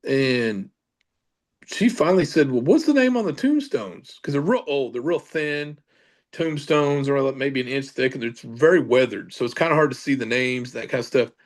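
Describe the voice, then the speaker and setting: A man's voice: mid-range voice, normal speed. A middle-aged man, a paranormal investigator, telling a casual story with many fillers and restarts.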